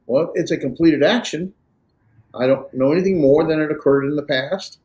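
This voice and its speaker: A Greek grammar teacher lectures conversationally on verbs, often checking understanding with "right?" and slipping in dry, sarcastic asides. His voice is a little high and a little mellow, animated and fairly quick.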